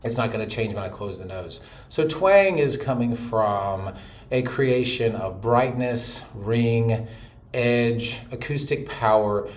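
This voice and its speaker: A man from North Carolina who explains vocal technique in a calm, steady voice, hoarse from laryngitis. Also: mid-range voice, takes it slowly. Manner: explains calmly, with short vocal demos. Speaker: voice teacher. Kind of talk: explanatory voice lesson.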